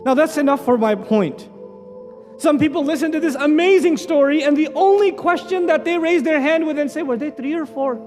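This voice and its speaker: A man giving an animated religious lecture, firing off rhetorical questions with a teasing edge. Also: extremely high pitch, moderate pace, big-room sound, faint music behind. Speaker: Islamic lecturer.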